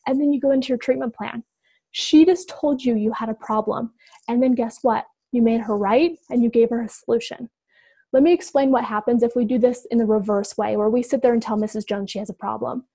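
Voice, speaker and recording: A woman giving an energetic, direct instructional talk to healthcare providers, addressing them as "you guys". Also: on the high side, moderate pace, no room sound, low-quality recording. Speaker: business coach for healthcare providers.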